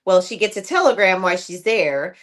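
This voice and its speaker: A woman's voice: medium pitch, a little fast. A woman co-hosting a casual recap chat, retelling scenes with lots of "like" and "um" and acting out characters' lines. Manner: animated retelling, acts out characters' lines, many ums and likes. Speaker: podcast co-host.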